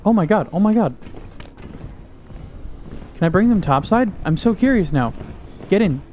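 A man's voice: high-pitched, expressive, normal speed, darkish tone, a little hiss or hum. A young man giving casual gaming commentary, joking crudely, talking to himself and yelping when startled. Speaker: gaming YouTuber.

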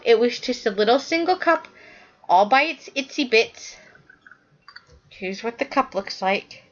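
Chatty woman with a high voice. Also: a bit bright, lo-fi sound. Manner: chatty and rambling, with frequent self-corrections. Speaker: knitting podcast host. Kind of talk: casual chat showing knitting to camera.

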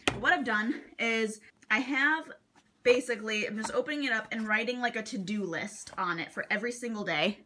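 A woman's voice: mid-range voice, a bit bright. A young woman talking casually at home about her to-do lists, chatty and rambling. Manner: chatty, rambling, laughs at herself. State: out of breath. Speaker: vlogger. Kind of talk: casual vlog chat. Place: at home, indoors.

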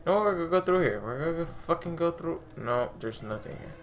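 A man's voice: a little high, lively intonation, a little fast, a little hiss or hum. A man commentating his own game playthrough, easily frustrated and cursing constantly, over faint game music. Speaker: gaming channel host. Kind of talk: let's play commentary.

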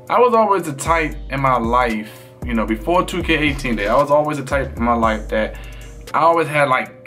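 A man's voice: mid-range voice, a bit bright. A man streamer in casual chat with his viewers, talking in a loose, rambling way full of fillers.

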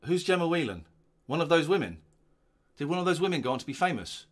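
A man's voice: on the high side, big pitch swings, quick pace. Chuckling, rambling man doing commentary. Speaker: host watching an old episode. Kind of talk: casual watch-along commentary.

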